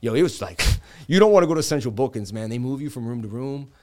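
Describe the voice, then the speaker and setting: A man's voice: mid-range voice, expressive, fast, mellow. A man in his thirties from the Boston area, hosting a casual crypto livestream and telling rambling stories full of "like" and "you know, man.". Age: 30s. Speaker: crypto stream host.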